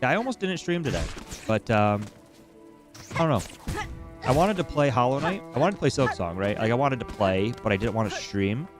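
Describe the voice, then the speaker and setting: A man's voice: medium pitch, very animated, brisk, music in the background. A man streaming a video game, chatting casually in an irreverent, profane, rambling way while coming down with a cold. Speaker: gaming livestreamer. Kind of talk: casual chat while playing.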